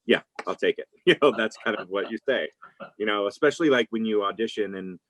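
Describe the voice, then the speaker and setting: A man's voice: lowish voice, quick pace, a bit bright, slight background noise, rough recording. A man, an actor, talking casually as an interview guest, rambling with many fillers and restarts.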